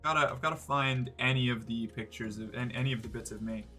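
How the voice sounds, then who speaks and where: A man's voice: mid-range voice, fast, sharp tone, faint music behind. A man streaming live, chatting casually and rambling, often restarting and swearing. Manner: rambling, self-interrupting, swears.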